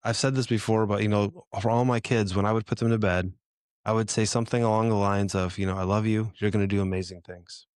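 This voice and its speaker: A man's voice: fairly low pitch, steady tone, fast talker, darkish tone, clean tone, no room sound, clean studio sound. A middle-aged man hosting a podcast, giving earnest, encouraging advice to fathers in a direct way. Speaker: podcast host. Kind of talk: motivational talk to fathers.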